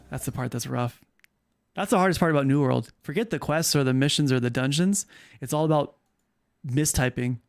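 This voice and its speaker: A man's voice: medium pitch, moderate pace, pauses often. A man hosting and casting a game tournament stream, talking in a rambling, joking way with plenty of fillers. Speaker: host and caster. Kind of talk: casual esports shoutcasting stream.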